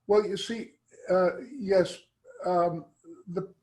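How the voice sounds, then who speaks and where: A professor poses a long question after a talk, pausing often and circling back on himself as he works through his point. His voice sits a little higher than most men's. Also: fairly even intonation, dark tone. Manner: hesitant, halting, many "uh" and restarts. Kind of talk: academic Q&A question.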